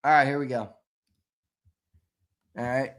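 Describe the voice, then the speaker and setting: A man co-hosting a live sports stream, running a giveaway shuffle, reading viewer chat and shouting out winners, swearing casually. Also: medium pitch, level tone, a little slow. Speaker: sports show co-host.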